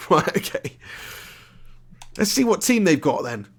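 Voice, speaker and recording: Man, gravelly, slightly high voice, live game streamer, chatty, slangy. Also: sing-song, takes it slowly, long pauses. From southern England. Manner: chatty, laughs often, British slang. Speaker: gaming streamer. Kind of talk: live gameplay commentary and chat.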